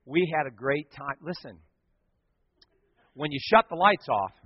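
A man preaching a sermon as the pastor, telling a story with lively, animated delivery and acting out other people's lines. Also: fairly high pitch, measured pace, slightly rough. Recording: dull sound with long hall reverb.

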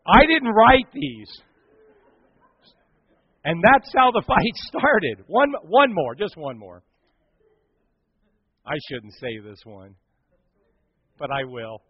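A man's voice: a little high, slow pace, long pauses, husky, dry recording, muffled recording. Jokey pastor, a man telling punchlines. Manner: jokey, animated storytelling with punchlines. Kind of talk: sermon with humor.

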